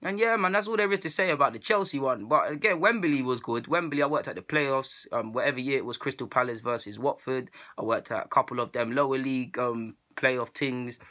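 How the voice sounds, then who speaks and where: A young man, telling stories to camera in a casual, slangy, animated way. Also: medium pitch, a little fast, hardly any pauses. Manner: animated, slangy, laughs at his own stories. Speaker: vlogger.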